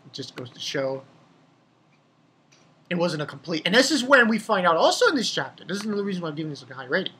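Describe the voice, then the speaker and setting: A young man casually reviewing a comic chapter, rambling and excitable, swearing freely and laughing at his own jokes. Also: high voice, brisk, long pauses, slight background noise. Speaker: manga reviewer.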